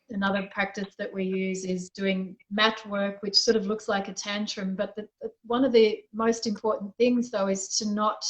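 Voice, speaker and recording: A woman speaking as a guest on a talk show, at an ordinary middle pitch. She recounts her own experience in a candid, reflective way. She often circles back and restarts her sentences as she thinks. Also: poor audio. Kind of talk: conversational interview.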